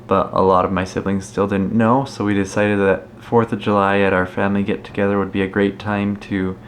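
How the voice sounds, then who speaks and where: A young man recaps family news for a vlog. He explains things plainly, without fuss. His voice sits a bit low, over faint background hiss. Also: level tone, fairly quick. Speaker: family vlogger. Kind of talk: casual vlog narration.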